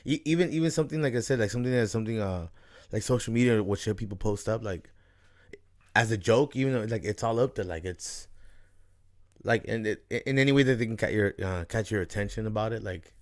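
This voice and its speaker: A man's voice: lowish voice, a little fast. A young man hosting a podcast, chatting loosely, swearing often and laughing. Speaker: podcast host. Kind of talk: casual chat.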